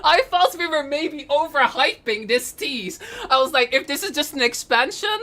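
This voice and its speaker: A young woman streaming a live reaction, excitable and gushing, exclaiming and swearing as she reacts. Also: sits high, moderate pace, very noisy.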